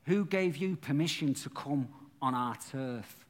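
A man's voice: medium pitch, measured pace, in a large hall, lightly acted. A man playing a menacing young male gang leader who speaks bluntly.

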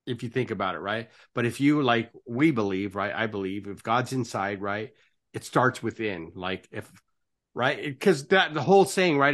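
A man's voice: mid-range voice, expressive, normal speed, a bit bright. Earnest man hosting, constant "right?". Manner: tags nearly every phrase with "right?"; earnest, encouraging. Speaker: podcast host and life coach. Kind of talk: casual interview.

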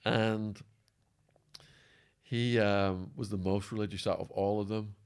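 A man guest in an interview, telling stories animatedly and acting out quotes, his voice going hoarse. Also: fairly low pitch, steady tone, slow pace. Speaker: podcast guest. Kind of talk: storytelling in an interview.

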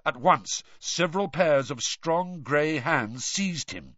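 A man reading a story aloud as narrator, measured and expressive. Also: a little high, no room sound, lo-fi sound. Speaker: audiobook narrator. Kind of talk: scripted narration.

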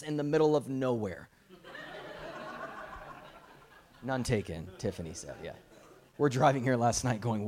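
A young adult man preaching a guest sermon at a church service, telling stories with light jokes. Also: on the high side. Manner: animated storytelling with jokes.

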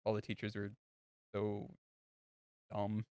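A man's voice: on the low side, monotone, slow, a little mellow, smooth, no echo, studio quality. A young man co-hosting a podcast, telling crude, rambling stories full of fillers in casual chat. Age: young adult. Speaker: podcast co-host.

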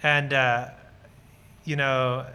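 With a medium-pitched, bright and forceful voice, this guest speaker on ministry draws out his words and keeps his pitch fairly flat, and the sound is smooth. He's from Lancaster County, Pennsylvania, and his earnest, enthusiastic talk mixes audience questions, personal stories, and short acted-out bits of dialogue.

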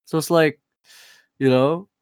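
A man co-hosting a podcast in casual chat, animated, laughing often and using slang. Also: a little high, unhurried, clean tone, no echo, studio quality. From Filipino family. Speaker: podcast co-host.

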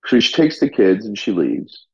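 A man's voice: on the low side, wildly swooping pitch, moderate pace, creaky, muffled recording. A middle-aged man, a firefighter and paramedic, tells his story in an interview in a raw, blunt way, swearing freely and restarting his sentences.

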